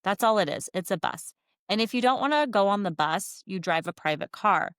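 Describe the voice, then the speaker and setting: Woman, 30s, chatty interview guest, animated storyteller, mid pitch, dry close sound. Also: a little fast, no room sound. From United States. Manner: lively anecdotal storyteller, laughs often. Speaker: guest, language-learning company founder. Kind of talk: casual interview chat.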